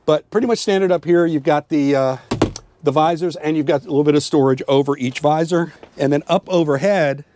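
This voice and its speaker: A man's voice: on the high side, brisk, a little mellow, a little hiss or hum. A man casually giving a chatty, upbeat walkthrough of a motorhome at an RV show, pointing out features with frequent fillers. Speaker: RV travel vlogger giving a tour.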